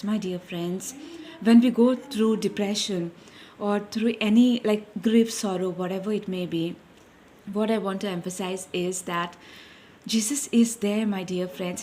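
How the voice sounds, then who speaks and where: Slight background noise sits under a woman's mellow, mid-range voice as she delivers an informal devotional. She keeps calling her listeners dear friends, repeats herself earnestly, and stops to correct herself while hunting for the right words.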